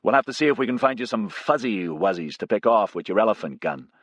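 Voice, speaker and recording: A man voicing a brash, loud American pilot. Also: lowish voice, expressive, fast, no echo. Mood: teasing. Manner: teasing, loud. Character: brash joking male American helicopter pilot.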